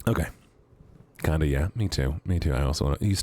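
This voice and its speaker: A man's voice: extremely low pitch, fast, dark tone, dry recording. A young man streaming from home, chatting playfully with viewers through a handheld microphone, rambling and teasing. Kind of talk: casual chat with viewers. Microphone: handheld studio microphone.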